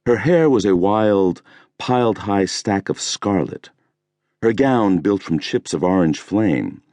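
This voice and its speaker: Man, audiobook narrator, deep voice, unhurried, measured thriller reading, dry booth sound. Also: a little mellow, no echo. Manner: measured, deliberate storytelling.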